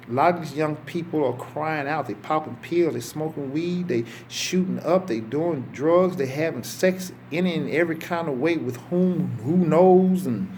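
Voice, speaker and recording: Fired-up middle-aged minister, voice sits a bit high, leans hard on words. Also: male voice, slight background noise. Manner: impassioned, emphatic preaching with drawn-out stresses. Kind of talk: sermon.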